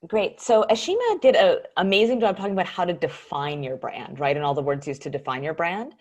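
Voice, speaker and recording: A woman giving a casual workshop talk over a video call, chatty, laughing often and filling pauses with ums. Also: on the low side, expressive, darkish tone. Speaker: workshop presenter.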